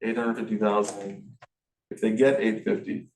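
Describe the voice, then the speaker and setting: A man's voice: on the low side, little pitch movement, normal speed, a little mellow, echoey room, recorded from a distance, low-quality recording. A man teaching a real estate class, thinking aloud and explaining calculations step by step with frequent restarts. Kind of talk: teaching a class, walking through numbers live.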